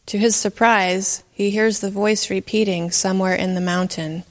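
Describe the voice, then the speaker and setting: Slow-reading woman with long reverb. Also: medium pitch, steady tone. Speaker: narrator. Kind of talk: slow inspirational story reading.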